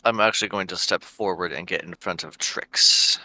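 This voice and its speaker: Bright-voiced man playing a tabletop game. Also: low voice, moderate pace, rough recording. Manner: earnest, polite in-character speech. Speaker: player. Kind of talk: tabletop role-play.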